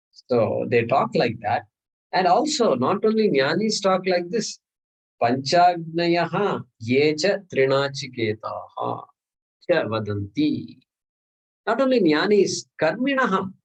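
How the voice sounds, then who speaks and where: A man teaching a scripture class, slowly explaining Sanskrit terms and checking in with "okay?". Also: mid-range voice, slightly rough, poor audio. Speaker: Vedanta teacher.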